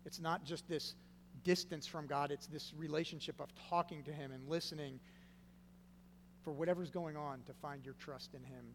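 A man preaching a sermon, stressing key words loudly and then dropping to a hushed, low delivery. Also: gravelly. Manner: swings from loud emphatic stresses to hushed low phrases. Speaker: pastor. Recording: long reverb with faint hum.

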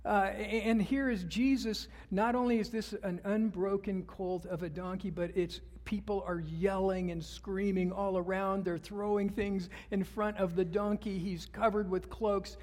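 A man's voice: high-pitched, fairly even intonation, unhurried, hardly any pauses, darkish tone, big-room sound. A man preaching a sermon as pastor, talking conversationally and asking the congregation questions.

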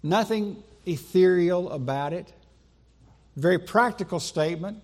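A man preaching a sermon in a church sanctuary, emphatic, with slow deliberate pauses and repetition for stress. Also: high voice, darkish tone. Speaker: pastor.

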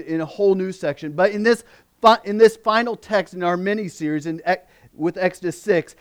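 A man delivering a sermon as a pastor, his voice sitting high for a man. He preaches expressively, pressing hard on key phrases and dropping to near-quiet asides. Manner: expressive preaching, swings between emphatic and hushed.

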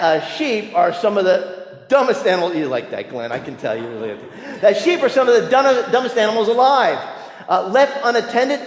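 High-voiced male pastor in echoing sanctuary. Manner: storytelling with humor, emphatic rises and soft drops. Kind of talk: sermon. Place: church sanctuary. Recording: roomy church with long reverb.

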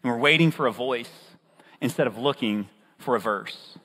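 A man preaching a sermon with playful storytelling and a husky voice. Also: medium pitch, normal speed, a bit bright. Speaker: pastor. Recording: long reverb of a large hall.

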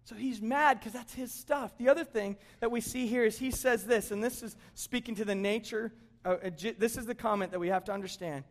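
Animated high-voiced male preacher. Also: fairly quick. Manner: animated, acts out quoted characters, jokes with the congregation. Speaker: pastor. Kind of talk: sermon.

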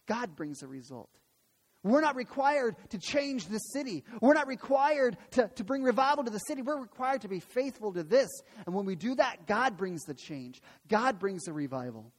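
A man's voice: high-pitched, sing-song, normal speed. A man pastor preaching a sermon in a church, earnest and emphatic, repeating phrases for weight. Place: church sanctuary. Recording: long hall reverb.

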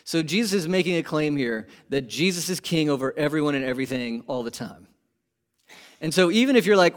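Pastor, male, slightly high voice, lively and conversational, big emphatic builds. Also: fairly quick. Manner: animated, rising to emphatic peaks then dropping low; conversational asides and rhetorical questions. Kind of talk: sermon.

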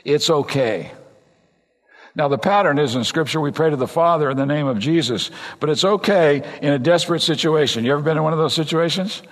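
An older man from California preaching a sermon as a pastor, talking conversationally and swinging between emphatic high points and low, quiet asides. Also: brisk. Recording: long reverb of a large hall.

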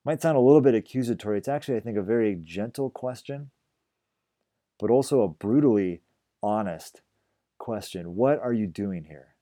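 A man preaching a reflective sermon, often dropping to a hushed, gentle voice. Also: on the low side, animated, normal speed, long pauses, no room sound. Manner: gentle, reflective, drops to a hush on quiet phrases. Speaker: pastor.

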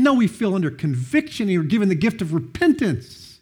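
A middle-aged man preaching with a lively, rising and falling voice. His tone is slightly husky, and he moves easily between earnest teaching and relaxed storytelling from his own life. The pitch sits a little high for a man. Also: normal speed, few pauses. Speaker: pastor. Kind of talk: sermon.

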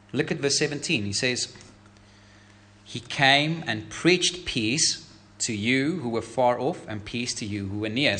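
A man's voice: medium pitch, sharp tone. A man preaching a sermon as a pastor, emphatic, asking the congregation rhetorical questions.

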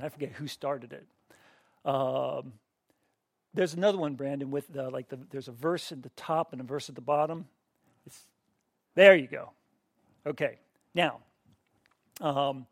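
A man's voice: medium pitch, vocal fry, dry recording, studio quality. A middle-aged man teaching a Bible class in a conversational way, asking the students questions and often restarting his sentences.

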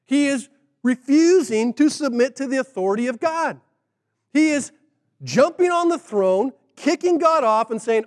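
Pastor, male, high voice, casual animated sermon delivery. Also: normal speed, long reverb tail. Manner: conversational, animated retelling with acted quotes.

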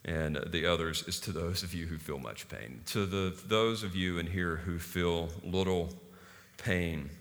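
A man's voice: deep voice, unhurried, fairly bright tone. A man preaching a sermon as pastor in a casual, conversational way, with frequent fillers. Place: church hall. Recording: long hall reverb.

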